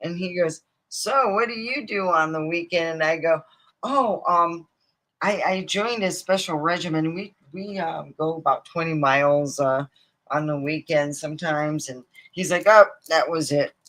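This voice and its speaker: A woman's voice: deep voice, moderate pace, fairly bright tone, low-quality recording. A woman from Nevada hosting a livestream, rambling casually, digressing, swearing freely and acting out quoted voices. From Nevada, USA. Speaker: livestream host.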